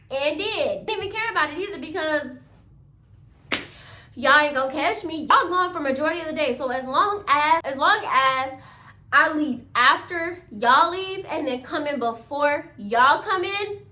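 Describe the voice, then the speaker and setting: High bright chatty young woman, roomy sound. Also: slight background noise. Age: young adult. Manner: chatty, animated, slangy, laughs often. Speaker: storytime YouTuber. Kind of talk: casual storytelling to camera.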